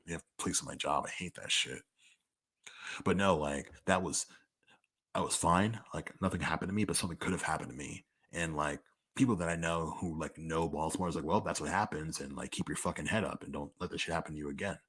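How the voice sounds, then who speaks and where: He talks fast in a very deep, somewhat bright voice with a breathy edge. The young podcaster rambles through listener questions about himself in a casual monologue, candid and full of swearing and "like."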